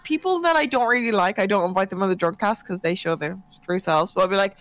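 A woman's voice: mid-range voice, expressive, fast talker, hardly any pauses, fairly bright tone, no echo. A young woman streamer chatting casually, swearing and laughing often.

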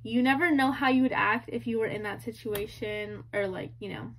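A woman's voice: fairly high pitch, moderate pace, a bit bright, slight background noise. A young woman in her early twenties talks casually in a slightly raised voice. She rambles, filling nearly every phrase with "like" and "you know", and keeps turning to ask the listener what they think. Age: early 20s. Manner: rambling, full of "like" and "you know", asks the audience. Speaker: commentator. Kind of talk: casual commentary.

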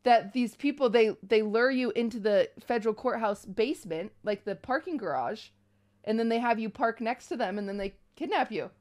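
A woman's voice: fairly high pitch, moderate pace. A young woman host telling a personal story in a casual chat, acting out the voices of the people in it. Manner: animated, acts out voices in quotes. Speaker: streamer host.

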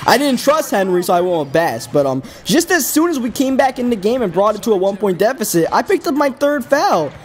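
A man's voice: high voice, big pitch swings, brisk, few pauses, slight background noise. A man hosting a gaming video, giving casual, rambling play-by-play commentary with an exasperated, self-critical tone.

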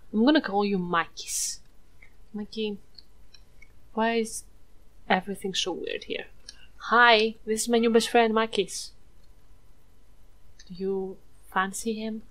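A woman's voice: mid-range voice, a bit bright. Woman from Greece, gameplay commentator, playful and sweary, swings between whispers and squeals. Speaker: gameplay streamer. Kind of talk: let's play commentary.

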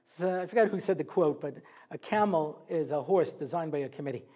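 A man's voice: a little high, fairly quick. A man giving a humorous sermon lecture as a rabbi, telling stories and acting out the quotes with jokey asides. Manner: animated storytelling, acts out quotes, jokey asides.

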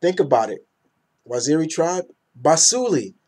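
A man's voice: on the high side, very animated, normal speed, darkish tone. A man in his thirties casually reviewing comic books, enthusiastic and rambling, often tripping over names.

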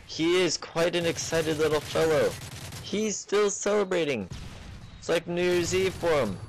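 A man's voice: fairly low pitch, steady tone, slow pace, creaky, a little hiss or hum. A man putting on a vague foreign accent as a mocking play-by-play commentator over gameplay. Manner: dry, mocking play-by-play narration. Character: male mock commentator in a made-up foreign accent.

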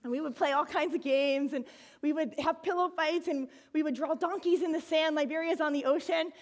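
A woman telling a personal story to an audience, animated and laughing, with bursts of excited shouting. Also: sits high, brisk. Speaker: speaker giving a talk.

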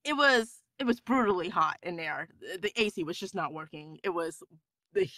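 A woman voice actor chatting as a podcast guest, telling stories excitedly and gushing as she goes. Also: fairly low pitch, normal speed, crowd noise. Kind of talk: casual podcast chat.

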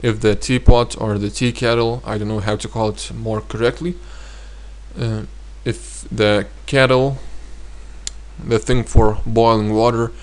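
Man slowly teaching vocabulary. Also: on the low side, little pitch movement. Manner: explains slowly, repeats words twice, many hesitations. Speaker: language teacher. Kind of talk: spoken vocabulary lesson.

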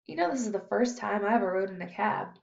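A woman's voice: medium pitch, lively intonation, quick pace, creaky, a little mellow, reverberant, dull audio. A woman voicing an eager, curious teenage boy who is a boxer, asking many questions.

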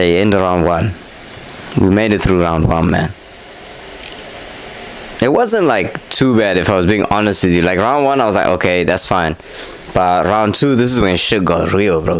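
A man's voice: low voice, a little hiss or hum, rough recording. A young man casually narrating over footage of his own boxing fight, candid and self-critical, swearing freely. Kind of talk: casual fight breakdown commentary.

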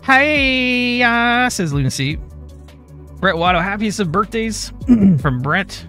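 A man hosting a game live stream, greeting chat by name in a relaxed, easygoing way. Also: high voice, a little slow, creaky, soft background music. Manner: reads chat names in a relaxed drawl.

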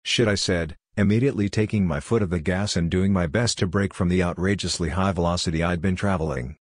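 A man narrating a scripted horror story in a measured, subdued way. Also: deep voice, no room sound, studio quality.

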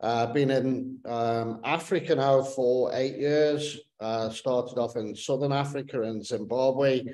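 A man's voice: medium pitch, fairly even intonation, slow pace, few pauses, a little mellow. Jokey northern English man in an echoey room. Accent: northern English, Staffordshire. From Stoke-on-Trent, northern England. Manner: jokey, self-deprecating. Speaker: head of Africa development team. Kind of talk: online webinar presentation.

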